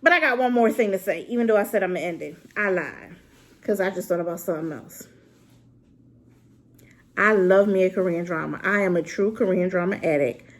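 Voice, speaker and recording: A woman with a lowish voice speaks fairly quickly while reviewing a drama to camera. The rant is rambling, unscripted and left unedited, with plenty of exclamations spoken right to her viewers.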